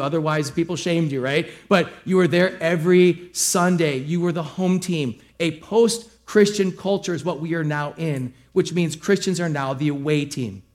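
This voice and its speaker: Middle-aged male pastor, conversational sermon delivery with joking asides, slightly high-pitched. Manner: conversational storytelling with asides and self-deprecating humor.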